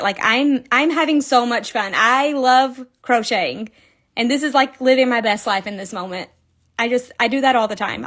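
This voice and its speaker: Recorded on a phone, this casual live crochet tutorial is led by a chatty young woman whose voice is a little high and a bit bright. She laughs a lot and counts her stitches out loud.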